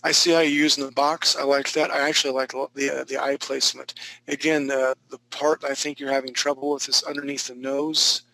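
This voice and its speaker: A man's voice: medium pitch, level tone, brisk, creaky, bright, forceful tone, low-quality recording. A man teaching a live online drawing class, giving casual, encouraging critiques of students' work with jokes and frequent restarts. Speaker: art instructor.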